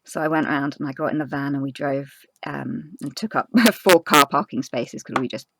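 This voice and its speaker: A young woman, a crafting vlogger telling a personal story in casual chat, earnest and halting with many fillers and restarts. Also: low voice, dry recording.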